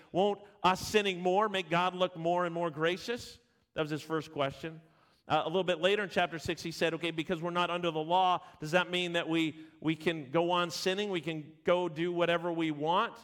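High-voiced man preaching a sermon. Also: fairly bright tone. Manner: emphatic at points, repeats and restarts words. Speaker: pastor.

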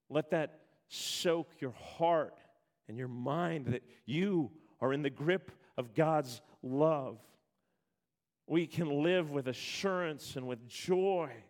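A man preaching a sermon, reading scripture with rising intensity, then dropping to quiet, slow emphasis. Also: mid-range voice. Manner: builds to loud emphatic peaks, then drops quiet and slow. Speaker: pastor.

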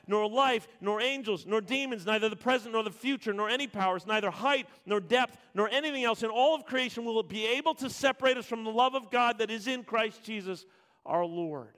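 A man preaching a sermon, reading scripture with rising intensity, then dropping to quiet, slow emphasis. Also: very high-pitched. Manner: builds to loud emphatic peaks, then drops quiet and slow. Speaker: pastor.

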